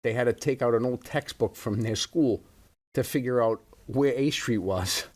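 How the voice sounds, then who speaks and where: A man's voice: medium pitch, normal speed, a little mellow. A man, a stand-up comedian telling stories in a casual interview with easy chuckles. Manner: laid-back storytelling with chuckles.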